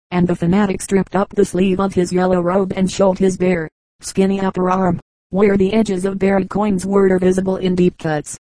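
A woman narrating an audiobook with a steady, even reading style. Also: medium pitch, normal speed, no room sound, poor audio. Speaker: audiobook reader. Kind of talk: scripted narration.

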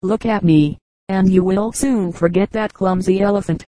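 A woman's voice: medium pitch, moderate pace, dark tone, no echo, close to an everyday voice. A woman voicing a proud, boastful male rat in a storybook fable. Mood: scornful boast. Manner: scornful, boastful.

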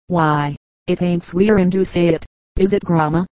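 A woman's voice: fairly low pitch, steady tone, normal speed, warm tone, dry recording, close to an everyday voice. A woman voicing a small mischievous boy who drops his g's as he questions his grandmother, read from a storybook of jokes. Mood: cheeky. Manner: dialect, dropping g's.

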